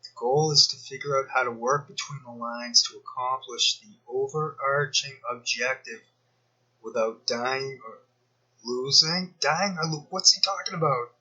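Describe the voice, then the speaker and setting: Sarcastic rambling man, husky and bright. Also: medium pitch, fairly even intonation, measured pace, dull audio. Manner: sarcastic, digressive, mocking asides. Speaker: commentary YouTuber. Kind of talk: rambling screen-share commentary.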